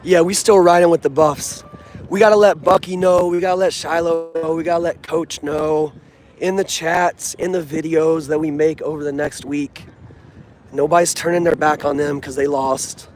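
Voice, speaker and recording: Recorded outdoors near a stadium, this casual fan vlog features a young man speaking earnestly about his football team in street slang. His voice is on the high side and a little mellow, with a steady tone and moderate pace, plus a bit of hiss or hum.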